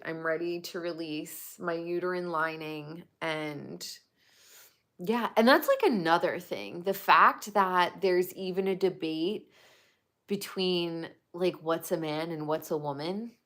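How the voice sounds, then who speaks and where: Bright-voiced woman rambling on a livestream. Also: on the low side, slow pace. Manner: rambling and opinionated, full of "like" fillers. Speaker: livestream host. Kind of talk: casual chat.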